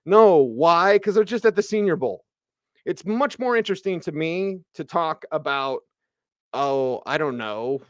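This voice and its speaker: A man hosting sports radio, ranting in an animated, emphatic way about football. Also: on the high side, normal speed, no echo, clean studio sound.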